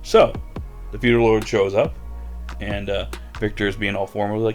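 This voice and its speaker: A man's voice: fairly low pitch, flat delivery, moderate pace, faint music behind. A man giving a casual, chuckling recap of an anime episode, with lots of fillers. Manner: chuckles often, filler-heavy.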